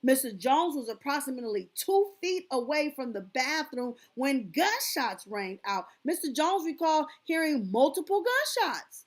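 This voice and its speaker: Woman, fairly high voice, live stream host, reads documents aloud, exclaims and chats with viewers. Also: sing-song, normal speed, hardly any pauses. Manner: exclamatory, chatty, addresses viewers as y'all.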